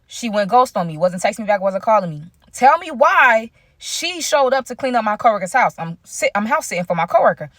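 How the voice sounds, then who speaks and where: A woman's voice: fairly high pitch, very animated, a little fast, few pauses, fairly bright tone, dry recording. Young woman vlogger, chatty storyteller, speaks to her audience, dry mic. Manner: chatty, keeps addressing viewers directly. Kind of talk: storytime vlog.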